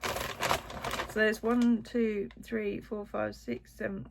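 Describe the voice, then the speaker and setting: A woman's voice: medium pitch, level tone, drawn-out words, vocal fry, very noisy. A woman chatting casually as she unboxes yarn on her crochet vlog, rambling with lots of little asides. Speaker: crochet vlogger. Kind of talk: casual chat while unboxing.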